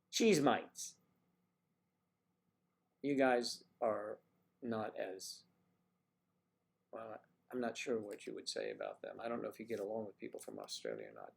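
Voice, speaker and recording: A man's voice: on the low side, vocal fry. Rambling man chatting with viewers. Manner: rambling, teasing, reading out viewer comments. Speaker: livestream host chatting with viewers. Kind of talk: casual chat.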